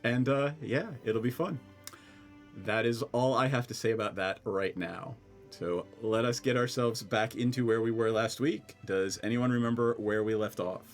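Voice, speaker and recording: A man narrates as game master, his pitch sitting in an ordinary middle range. He talks in a playful, halting way, full of fillers and quick laughs. Faint music plays behind him. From Scranton, Pennsylvania.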